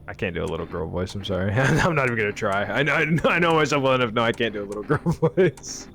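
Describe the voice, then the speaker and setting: A man's voice: mid-range voice, lively intonation, quick pace, few pauses, fairly bright tone. A man streaming live gameplay who talks casually, jokes and swears.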